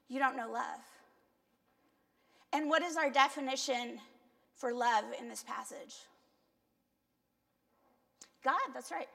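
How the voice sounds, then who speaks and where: A woman's voice: high voice, creaky, fairly bright tone. A woman pastor with a Cuban accent giving a conversational sermon, asking the congregation questions and poking fun at herself. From Cuba. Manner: conversational, self-deprecating, asks the congregation. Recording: church hall reverb.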